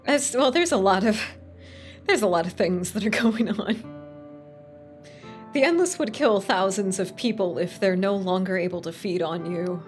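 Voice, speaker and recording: A young woman streaming a video game, chatting casually in a playful, giggly, expressive way and swearing now and then. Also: medium pitch, normal speed, soft background music.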